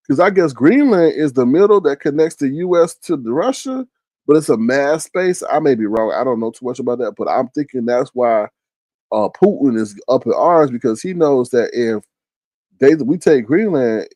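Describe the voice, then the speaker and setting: A man's voice: fairly high pitch, mellow, no echo. A man hosting a live stream, reading viewers' chat and talking back bluntly in loose, slangy casual commentary. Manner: chatty, talks straight to viewers by name, slangy and blunt.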